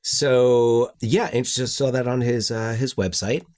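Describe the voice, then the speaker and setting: A man hosting a podcast in relaxed conversation. He works through his points aloud, often restarting his sentences. His voice sits at an ordinary middle pitch. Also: measured pace. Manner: thinking aloud with frequent restarts. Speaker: podcast host. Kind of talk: casual chat.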